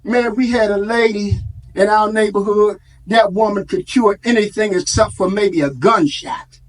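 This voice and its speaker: A man's voice: high voice, moderate pace. A man giving an impassioned speech to a live audience, preacherly, with call-and-response and street vernacular. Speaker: community organizer speaking at an event.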